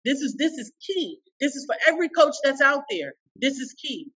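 A woman coach, a guest in an interview, telling a personal story in an emphatic, expressive way. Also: sits high, moderate pace, recorded from a distance, muffled recording.

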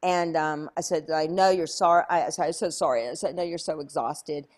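A woman telling a story as an interview guest, lively and chatty, acting out other people's voices with many fillers. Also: low-pitched, brisk. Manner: animated, acts out quoted voices, many fillers. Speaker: interview guest, speaker and coach.

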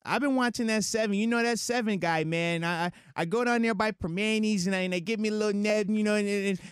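A radio co-host putting on an exaggerated Pittsburgh Yinzer accent as a joke, with playful local slang. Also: male voice, high-pitched, fairly even intonation, fast talker, smooth, dry recording, clean studio sound, voice pushed up, close to an everyday voice. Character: man faking a thick Pittsburgh Yinzer accent.

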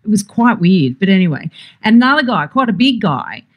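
A woman's voice: medium pitch, very animated, moderate pace, lo-fi sound. An Australian woman co-hosting a podcast in casual chat, rambling through anecdotes and laughing often. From Sydney, Australia. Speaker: podcast co-host.

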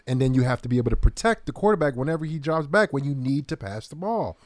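A man's voice: medium pitch, very animated, fast, dry recording. A man who used to play football, talking casually on a sports talk show, often repeating phrases and saying "like.". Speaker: former football player co-host.

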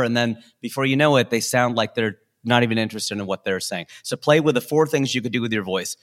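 A man who is a stand-up comedian talking as a guest in a casual interview, animated and playing with his pitch and loudness. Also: fast, hardly any pauses.

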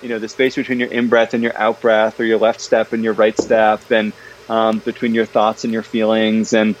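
A man guesting in a casual interview conversation, talking about his books in an animated, chatty way, full of fillers and restarts. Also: fairly low pitch, normal speed, lo-fi sound, a little hiss or hum. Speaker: guest, parenting author.

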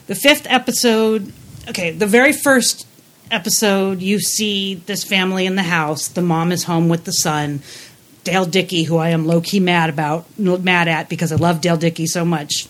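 A woman co-hosting a podcast, giving blunt, animated reviews in casual chat with frequent restarts. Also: lowish voice, moderate pace. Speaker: podcast co-host.

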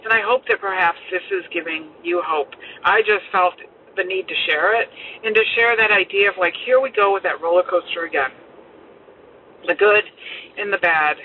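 A woman's voice: on the low side, normal speed. A middle-aged mother speaking heartfelt and candid, rambling through restarts as she shares family news. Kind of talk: candid personal monologue. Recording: tinny phone-like sound, faint vehicle noise.

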